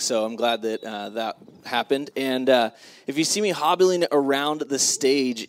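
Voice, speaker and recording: A middle-aged man giving a casual, humorous sermon to graduating students on a school stage, acting out his own reactions. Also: mid-range voice. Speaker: keynote speaker.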